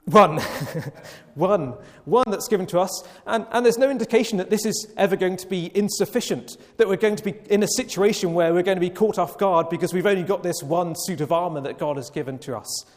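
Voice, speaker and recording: A man preaching a Sunday evening sermon, slow and emphatic, with long pauses. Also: sits high, darkish tone. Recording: long reverb of a church hall.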